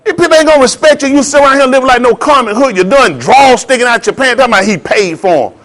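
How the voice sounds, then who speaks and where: Guy ranting on camera, high voice that jumps all over, heated and preachy. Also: expressive, fast. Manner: heated, preachy, slangy, swings between loud jabs and low asides. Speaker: vlogger. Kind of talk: ranting commentary monologue.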